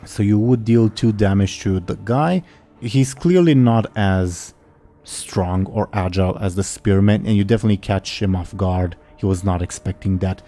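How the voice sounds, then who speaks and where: A young man narrating a tabletop game as game master, casual and halting with many fillers. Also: on the low side, mellow.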